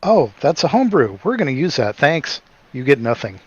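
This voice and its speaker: A man's voice: fairly high pitch, very animated, normal speed, husky, dull audio. A man putting on the voice of a smug, greedy game company, mocking and dismissive.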